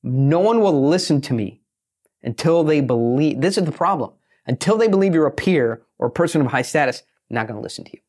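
A man talking as a podcast guest and pitch expert, brash and blunt, swearing and acting out little quotes. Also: expressive, fairly quick, a little mellow. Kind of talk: fast casual podcast talk.

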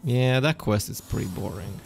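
A man streaming a card game, chatting excitedly to himself and often jumping into squeaky high exclamations. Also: moderate pace, vocal fry, soft background music. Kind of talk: casual gameplay commentary.

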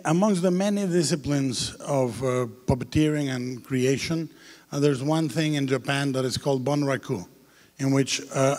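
A film director as interview guest, telling lively anecdotes with frequent hesitations, on the stage of a large hall. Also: male voice, medium pitch. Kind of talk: onstage festival interview. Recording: long hall reverb.

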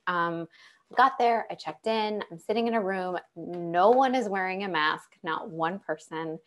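Young adult woman, low-pitched, animated personal storyteller, many "um"s and restarts. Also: measured pace. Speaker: panel guest sharing personal story. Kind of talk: conversational personal account.

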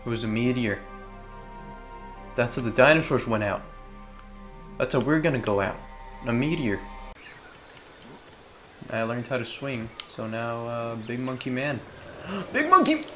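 A man at a mid pitch talks through a game with jumpy excitement, breaking into shouts and goofy caveman phrases. Game music plays clearly underneath his voice. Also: unhurried, pauses often. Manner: excitable, yelling reactions and silly caveman talk. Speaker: gaming video creator. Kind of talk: let's play commentary.

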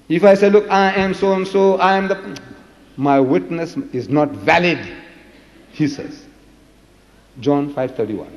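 A man with a fairly high voice delivers a debate speech in a hall with a long echo. He tells scripture as a vivid story and slips into the voices of the people he quotes. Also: measured pace, long pauses, lo-fi sound.

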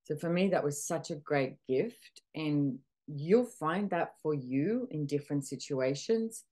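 Low-voiced woman, animated and candid. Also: unhurried. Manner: animated, acts out dialogue with her body, swears casually. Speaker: podcast host and facilitator. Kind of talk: casual conversational coaching.

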